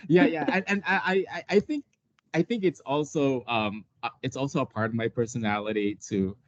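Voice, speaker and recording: A man's voice: mid-range voice, fairly quick, no echo, highs cut off. A man, an occupational therapist, talking casually as an interview guest, hesitant with many restarts and frequent laughs.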